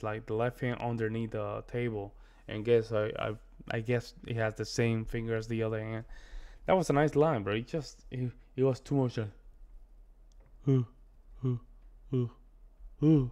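American man, reaction video host, casual rambling commentary, lots of fillers, mid-pitched voice. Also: fairly even intonation, moderate pace, mellow. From United States. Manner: rambling, repeats himself, many fillers.

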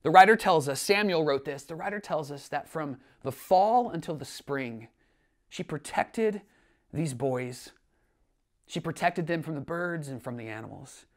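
A man preaching a sermon as pastor, earnest, swinging between emphatic lines and hushed ones. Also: on the high side, animated, measured pace. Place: church online service.

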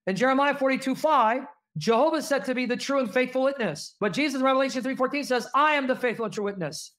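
A man's voice: very high-pitched, quick pace, a bit bright. A man teaching Christian apologetics, reading verses aloud and pressing the audience with rhetorical questions.

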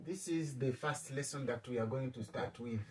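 A man teaching a spoken language lesson, repeating words slowly for learners to echo back. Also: medium pitch, far from the mic, slight background noise. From East Africa.

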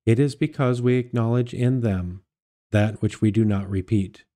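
Man with a very dark, mellow voice. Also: on the low side. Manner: measured, steady reading with small self-corrections. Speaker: liturgical reader. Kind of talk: reading aloud of scripture and patristic texts.

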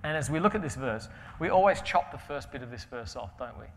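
A man preaching a conference sermon, telling stories with humor and swinging between loud and hushed delivery. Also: mid-range voice, expressive, a little fast. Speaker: pastor. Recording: reverberant hall with faint ambience.

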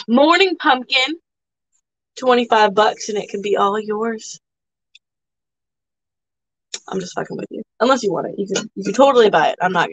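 A woman's voice: fairly high pitch, a bit bright, dry recording, rough recording. A young woman chatting casually while selling items on a live stream, teasing viewers and rambling, a bit tired. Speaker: live auction seller.

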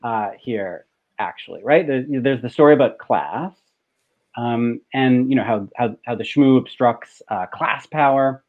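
A man's voice: mid-range voice, unhurried. A man speaking as a show guest in casual discussion, hesitant and full of restarts, over a video call. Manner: hesitant, many ums and restarts. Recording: tinny phone-like video call.

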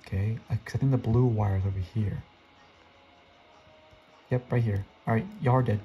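A young man giving excitable live commentary while playing a game, his voice jumping up high when he gets scared. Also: moderate pace, lo-fi sound. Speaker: gaming video creator.

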